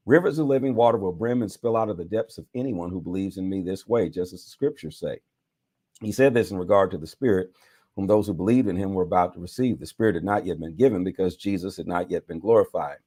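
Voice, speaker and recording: A bishop reads scripture with dramatic emphasis in a low, dark, slightly rough voice at a quick pace. Every so often he corrects himself or adds a side comment of his own. The recording is dry and of studio quality.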